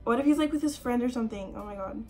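Young woman vlogger, high voice, unhurried, giggly and jittery, faint music behind. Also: darkish tone. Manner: nervous and giggly, many "like" fillers. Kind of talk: casual vlog talk.

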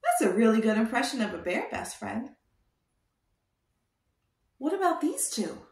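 A woman leads a toddler lesson in a bright, high voice that rises and falls a great deal as she coaxes the children. She speaks very slowly and asks gentle questions. The room around her gives a noticeable echo. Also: huge pitch swings, vocal fry, recorded from a distance. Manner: slow, sing-song, coaxing questions to a small child. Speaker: children's educator. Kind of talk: toddler lesson with sign language. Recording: roomy echo.

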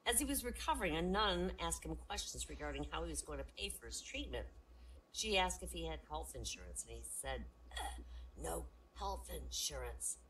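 A woman telling stand-up jokes in an online voice chat room, an animated storyteller who switches voices for each character. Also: low-pitched, brisk, a little hiss or hum, rough recording.

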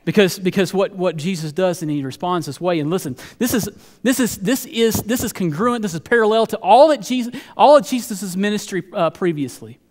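A man's voice: sits high, animated, brisk, few pauses, darkish tone, in a large hall. A man preaching a sermon as pastor, earnest, often repeating words as he builds a point. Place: church sanctuary.

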